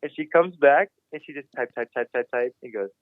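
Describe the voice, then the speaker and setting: A man's voice: medium pitch, brisk, no echo. A young man tells a story as a podcast guest, swearing freely and playing up the drama. His voice comes through thin and phone-like, with no room sound around it. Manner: swears constantly, animated and dramatic retelling. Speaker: podcast guest, BMX rider. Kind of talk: casual storytelling. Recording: dry, phone-like narrow sound.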